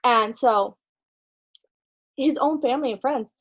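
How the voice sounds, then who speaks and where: A woman's voice: a little high, a little slow, low-quality recording. A woman retelling a faith story in a chatty way, with lots of ums and likes, acting out the dialogue as she goes. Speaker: speaker sharing conference notes.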